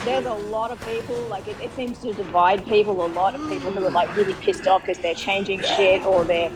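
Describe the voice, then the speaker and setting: A woman's voice: mid-range voice, steady tone, a little fast, distant mic, rough recording. A woman calling into a chat show, talking things through with lots of "like" hedges. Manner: thoughtful, hedging with "like". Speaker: caller. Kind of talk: casual chat.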